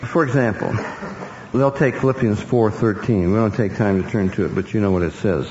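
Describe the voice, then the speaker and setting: A man's voice: fairly low pitch, very animated, fairly quick, a little mellow. A man preaching a sermon, emphatic and sometimes mocking in his repetition. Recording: echoey hall, dull sound with faint hiss.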